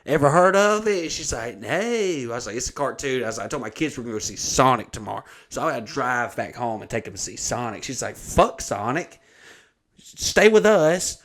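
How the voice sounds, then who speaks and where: A man's voice: medium pitch, fast talker, hardly any pauses, fairly bright tone. A man in his thirties telling a crude story in casual chat, acting out the other voices as he goes. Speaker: comedian host.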